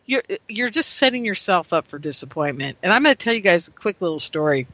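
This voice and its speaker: A woman on a talk-radio call-in show, ranting animatedly and acting out credulous listeners in a higher voice. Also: big pitch swings, brisk, few pauses, bright, forceful tone, no room sound. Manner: ranting, mimics gullible listeners in raised voice. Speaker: radio guest.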